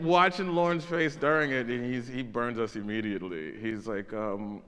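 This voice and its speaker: A man's voice: lowish voice, moderate pace, few pauses, a bit bright, smooth, long reverb tail. A man telling a funny backstage story on a conference stage, laughing through his words. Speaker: comedy writer and panel guest. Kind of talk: stage conversation telling an anecdote. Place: conference stage in a large hall.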